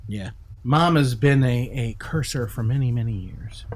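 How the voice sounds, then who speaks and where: A man's voice: mid-range voice, normal speed. A man from New York co-hosting a crafting livestream, joking and reading viewer comments in casual chat, often breaking into laughter. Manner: joking, bursts into laughter, voice jumps up when excited.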